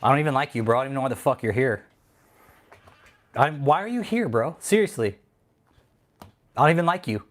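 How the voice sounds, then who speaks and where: Man, livestream host, heated profane rant, repetitive, casual talk, mid-pitched voice. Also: lively intonation, fairly quick, pauses often. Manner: heated, profane, repeats himself. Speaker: channel host.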